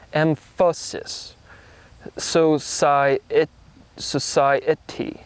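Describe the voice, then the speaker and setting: A man giving a meandering, self-assured monologue to his video audience, often trailing off, restarting and spelling out syllables. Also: mid-range voice. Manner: spells out words and syllables to make points. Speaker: vlogger. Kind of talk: rambling monologue to camera.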